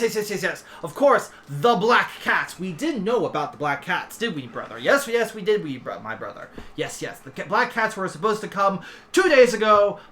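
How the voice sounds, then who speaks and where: A man's voice: high voice, bright, forceful tone, a little hiss or hum, pitched above the performer's own voice, full character voice. A man voicing a greedy, fawning two-headed dragon king who repeats "yes, yes" endlessly while his two heads bicker.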